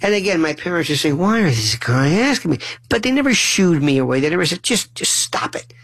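A middle-aged man telling funny family stories in a lively way, often stumbling and restarting his words. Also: fairly high pitch, fast, poor audio. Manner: animated, acts out family dialogue in shifting voices. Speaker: storyteller. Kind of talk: humorous personal storytelling monologue.

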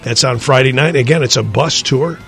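A male radio host with an average-pitched voice, reading the weather and bantering loosely with his co-host. He rambles, jokes and interrupts himself, with faint music playing behind him. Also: moderate pace, vocal fry, a bit bright. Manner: rambling, jokey, self-interrupting. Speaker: radio morning show host.

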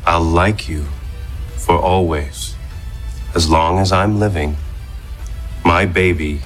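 An actor playing a man who gives a drawn-out, theatrical sing-song reading of a children's story. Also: low voice, fairly even intonation, soft background music. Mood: tender, theatrical. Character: grown man giving a slow, tearful storybook reading. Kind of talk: sitcom clip played on radio.

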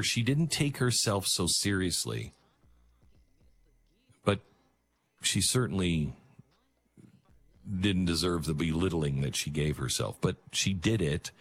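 A male talk show host giving an earnest, emphatic monologue with halting restarts. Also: deep voice, lively intonation.

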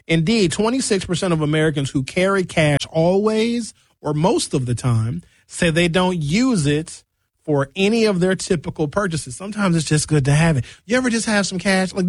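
A man's voice: a little high, no echo. A man hosting a radio show, rambling through a bawdy comic monologue. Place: radio studio.

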